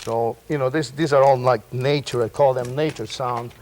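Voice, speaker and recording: A man with a Brazilian Portuguese accent, a native Portuguese speaker, gives a relaxed percussion class, rambling loosely and dropping in vocal sound effects. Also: medium pitch, normal speed. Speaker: percussion teacher. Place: room with percussion table. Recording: loud percussion noise and clicks.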